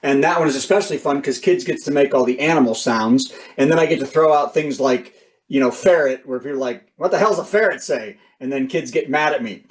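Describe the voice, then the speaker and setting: A man doing stand-up comedy on a video call, telling lively jokes and stories. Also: mid-range voice, quick pace, distant mic, low-quality recording. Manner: animated, joking, lively storytelling.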